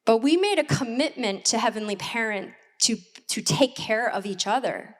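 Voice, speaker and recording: A woman in her forties, an assistant pastor, preaches a sermon in a church hall. Her voice is a little high with lively intonation, and she speaks candidly and personally, pausing to reflect.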